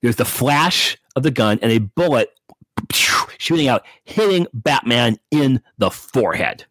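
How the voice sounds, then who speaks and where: A man chatting on a podcast about an old comic book, animated and quick to slip into character voices. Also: mid-range voice, slightly rough, dry recording. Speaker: podcast co-host. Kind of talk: casual comic book discussion.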